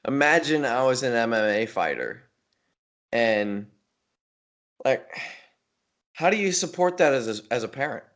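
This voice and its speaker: A man co-hosting a podcast, talking casually about bodybuilding and coaching with a relaxed, rambling manner and frequent restarts. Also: medium pitch, a little slow, long pauses. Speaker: podcast co-host. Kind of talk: casual chat.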